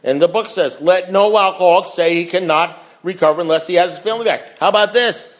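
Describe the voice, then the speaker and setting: A man giving a blunt, emphatic talk at a recovery meeting, reading from a book and repeating himself for emphasis. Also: quick pace. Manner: swings between low asides and loud preaching.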